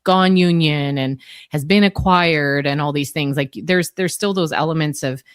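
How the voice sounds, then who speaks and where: Low-voiced woman, candid and animated. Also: normal speed, clear, resonant tone, no echo, studio quality. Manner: candid, animated, a little salty. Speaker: guest author. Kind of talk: casual interview.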